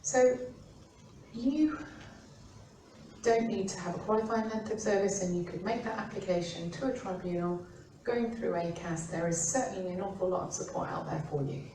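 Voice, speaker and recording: A middle-aged woman from the UK talks through employment law in a chatty, informal way, acting out the things people say to her. Her voice is mellow and sits a little low. She sounds a bit distant from the mic, in a roomy space with faint background ambience. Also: moderate pace, slight background noise. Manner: chatty, acts out quotes in lively voices. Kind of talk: informal expert talk.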